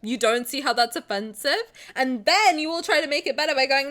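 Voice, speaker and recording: A young adult woman streaming, chatting casually and reading game text aloud in an animated, joking way, giggling and swearing. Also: sits high, a little fast. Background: faint game music.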